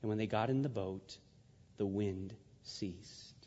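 A man preaching a sermon in a church, swinging from hushed, drawn-out words to loud, rising passages. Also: lowish voice. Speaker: pastor. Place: church sanctuary. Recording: dull sound with long hall reverb.

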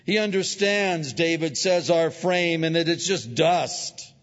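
A male pastor preaching a sermon, animated and acting out little voices from his stories. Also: a little high, slow pace. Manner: animated, acts out voices in anecdotes. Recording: dull lo-fi audio with long hall reverb.

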